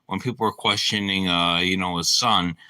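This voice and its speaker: A low-pitched man talks in a loose, meandering monologue full of fillers and profanity. His tone is hard and tightly pressed, and the recording is dry and close. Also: fairly even intonation, normal speed, pushed and bright, dry recording. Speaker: channel host. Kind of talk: rambling casual monologue on a live stream.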